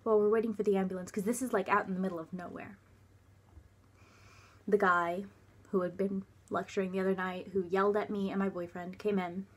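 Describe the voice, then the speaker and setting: A young woman recounts a personal story in a casual, unscripted way. She speaks at a middling pitch with hesitant starts, lots of fillers, and soft, quiet stretches. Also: flat delivery. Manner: halting, hesitant, with many fillers. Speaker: vlogger.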